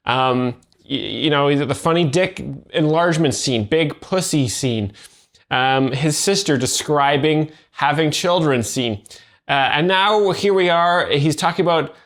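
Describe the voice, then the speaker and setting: Dry guy explaining jokes, halting, lots of ums, a bit high voice. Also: a bit bright. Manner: halting, dry, many fillers. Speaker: comedy explainer host. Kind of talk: deadpan commentary.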